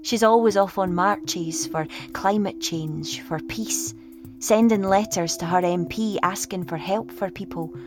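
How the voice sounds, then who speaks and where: Woman, audiobook, expressive child narrator, slow pace, music bed. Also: medium pitch. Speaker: audiobook reader. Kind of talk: first-person storybook narration. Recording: read over clear music.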